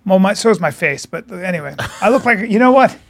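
Podcast co-host, man with a high voice, rambling self-mocking storyteller, casual studio chat. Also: lively intonation, brisk.

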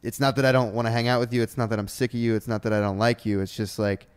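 A man's voice: mid-range voice, level tone, racing, clear, resonant tone. A man in his twenties co-hosting a podcast, teasing his friend with wisecracking banter in casual chat. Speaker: podcast co-host.

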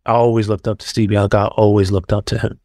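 A man's voice: fairly low pitch, little pitch movement, fast talker, darkish tone, dry recording, clean studio sound. A man, a former pro athlete, telling stories in a loose, casual interview style full of fillers and restarts. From New York. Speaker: guest, former pro basketball player.

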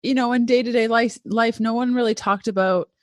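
A woman's voice: a little high, steady tone, a little fast, no echo, clean studio sound. A woman hosting a podcast, asking her guest questions in a casual, curious way. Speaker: podcast host. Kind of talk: conversational interview questions.

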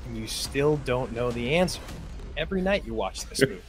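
A man's voice: medium pitch, lively intonation, fairly quick, soft background music. A man co-hosting a trivia game, reading out questions and teasing the host in a dry way.

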